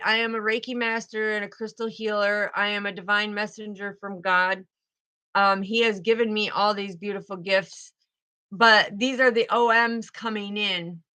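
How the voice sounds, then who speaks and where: A woman's voice: medium pitch, pushed and bright, poor audio. A woman doing a spiritual card reading, talking in a fervent, emotional way and often repeating herself.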